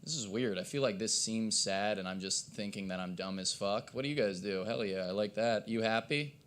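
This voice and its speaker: A man doing a stand-up set at an open mic, with a hoarse, cracking voice and a rambling, self-deprecating delivery. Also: on the low side, fairly quick, a bit bright. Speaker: stand-up comedian. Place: live open mic in a coffee shop.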